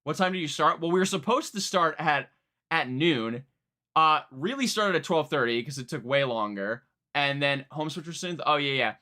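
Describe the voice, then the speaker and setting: A young man chatting casually on a live music-reaction stream, rambling, excitable, and swearing freely. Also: a little high. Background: faint music playing.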